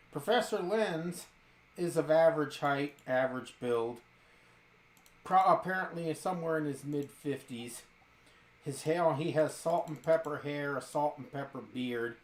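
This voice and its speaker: A man running a tabletop role-playing game as game master, narrating scenes in a slow, deliberate way. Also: fairly high pitch. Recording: roomy echo with faint hiss.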